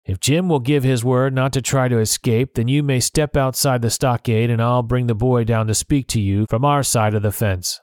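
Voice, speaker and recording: A man voicing a genial, scheming old male pirate cook in a storybook reading, in a higher jovial voice. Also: fairly even intonation, normal speed, hardly any pauses, a little mellow, clean tone, no room sound, clean studio sound, natural voice. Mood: crafty.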